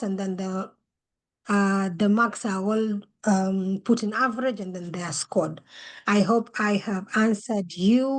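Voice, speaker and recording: A woman facilitating an online webinar, explaining how pitches are judged through a string of questions, speaking over a video call. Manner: explains judging criteria with many questions.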